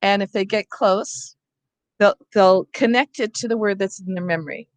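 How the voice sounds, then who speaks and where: A woman's voice: medium pitch, moderate pace, no echo. Woman workshop leader, explanatory, spells out sounds, dry close sound. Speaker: reading workshop presenter. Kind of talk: teacher workshop instruction.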